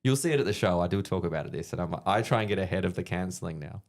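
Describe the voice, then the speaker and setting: A man in his thirties with an Australian accent, telling profane, animated stories in casual chat as a guest comedian. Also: sits low, very fast, gravelly.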